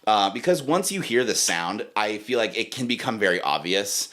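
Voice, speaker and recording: A man's voice: on the low side, normal speed. A man co-hosting a podcast about playing horn, chatting casually and demonstrating sounds as he explains. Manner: animated, demonstrates with sung sounds and put-on voices. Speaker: podcast co-host, horn teacher. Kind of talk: casual chat.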